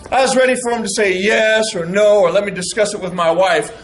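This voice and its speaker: High-voiced middle-aged man telling stories. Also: brisk, faint music behind, poor audio. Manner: animated, acts out quoted dialogue. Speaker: speaker addressing veterans. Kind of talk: storytelling speech to an audience.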